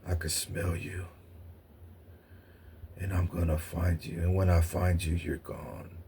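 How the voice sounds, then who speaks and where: A man voicing a menacing male grizzly bear, speaking low and quiet with a threatening tone. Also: steady tone, slow pace, slight background noise.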